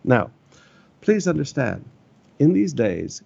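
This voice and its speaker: Gravelly pastor exhorting his congregation. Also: mid-range voice, sing-song, moderate pace, mellow, lo-fi sound. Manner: earnest, exhorting, repeats key phrases. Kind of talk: sermon.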